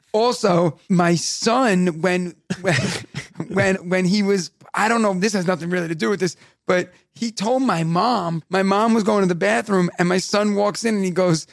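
High-voiced gravelly man chatting. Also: steady tone, moderate pace, no echo, studio quality. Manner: rambling storyteller, frequent "right?" and restarts. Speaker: podcast co-host. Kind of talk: casual chat.

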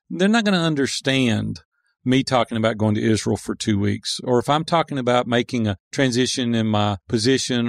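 Middle-aged entrepreneur guest, gravelly, earnest storyteller, dry studio mic. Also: male voice, mid-range voice, dry recording. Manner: earnest, animated storytelling with acted quotes. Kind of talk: conversational interview.

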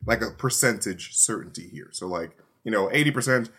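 A man hosting a casual panel podcast, energetic and playful, pushing his voice up for emphasis. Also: lowish voice, fairly quick, breathy edge. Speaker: show host.

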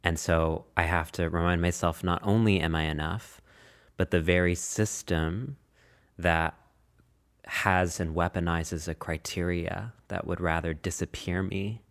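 A non-binary podcast guest with a very low voice. They speak with poetic cadence, measured at first and then building with conviction. The delivery is rhythmic and deliberate. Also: steady tone. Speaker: guest writer and performer. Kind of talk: interview answers.

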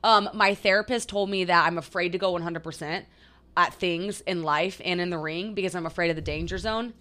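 A young woman co-hosts a podcast, chatting casually and rambling with plenty of fillers. Her voice is lowish and sharp in tone, and she speaks briskly.

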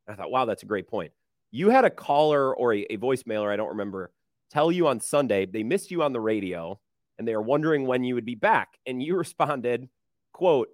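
A man from Wisconsin who hosts sports radio, chatting as a podcast guest in an animated, emphatic way with quick asides, recorded close on a mic. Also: medium pitch, dry recording. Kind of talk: casual podcast chat.

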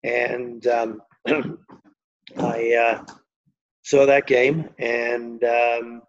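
Older man, Liverpool accent, monotone, meandering anecdotes, muffled sound. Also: medium pitch, very slow. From England. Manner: rambling, anecdotal, many fillers and restarts. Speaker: guest. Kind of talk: storytelling interview.

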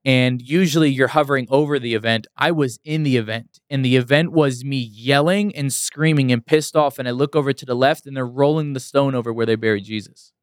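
A man's voice: mid-range voice, fairly quick, hardly any pauses, clean tone, no room sound, clean studio sound. Earnest man telling a story. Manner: earnest, emphatic, repeats for emphasis. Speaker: motivational speaker, guest. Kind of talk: casual interview storytelling.

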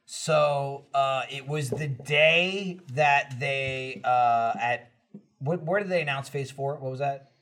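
A man's voice: mid-range voice, slow, a bit bright. A man on a casual podcast, telling a rambling story full of "like" and restarts. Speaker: podcast host. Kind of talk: casual chat.

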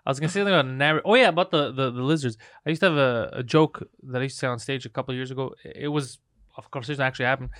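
A man's voice: medium pitch, racing, a bit bright, no echo, clean studio sound. A man chatting casually on a podcast, joking and teasing, acting out silly quotes. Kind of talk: casual chat.

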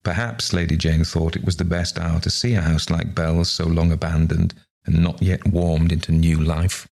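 A man reading a ghost story aloud in a measured, unhurried way. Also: low-pitched, vocal fry, a little mellow. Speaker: story reader.

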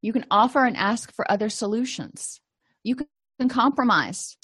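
A woman's voice: a little high, expressive, moderate pace, fairly bright tone, breathy edge. A woman teaching therapy skills to clinicians in a conversational way, often acting out short sample dialogues. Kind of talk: lecture to clinicians.

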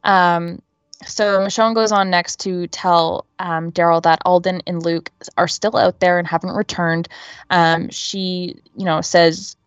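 A woman with a lowish voice co-hosts a podcast in a chatty, filler-heavy recap. Her recording sounds dull and lo-fi. There is no room echo at all. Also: fairly even intonation, a little slow, smooth. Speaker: podcast co-host. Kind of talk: casual episode recap.

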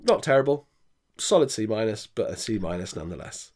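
A man co-hosting a casual film review chat, speaking hesitantly with many fillers and giving measured verdicts. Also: lowish voice, sing-song, darkish tone. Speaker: podcast co-host.

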